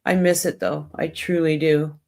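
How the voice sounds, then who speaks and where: A woman's voice: deep voice, flat delivery, normal speed, warm tone. A woman hosting a casual livestream, rambling in a friendly way and talking straight to her viewers. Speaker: livestream host.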